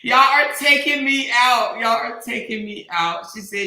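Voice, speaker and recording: A woman host chatting casually with her viewers, breaking into laughter again and again. Her voice is very bright and sharp, with loud playful bursts. The room rings with a roomy echo. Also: a little high, normal speed, few pauses. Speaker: host reading viewer comments. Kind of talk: casual livestream chat. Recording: roomy echoey room sound.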